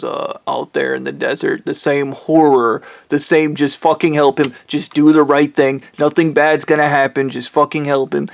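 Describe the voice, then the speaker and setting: A vlogger with a gravelly, mid-range voice tells a personal story in an angry, bitter rant, swearing heavily throughout. The recording is dry.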